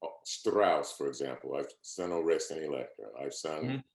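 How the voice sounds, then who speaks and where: A man's voice: extremely low pitch, lively intonation, normal speed, echoey room. An older man, an opera singer, earnestly and humbly reminiscing about his career in an oral history interview. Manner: reminiscing, earnest, humble, repeats quoted speech. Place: at home, on a video call.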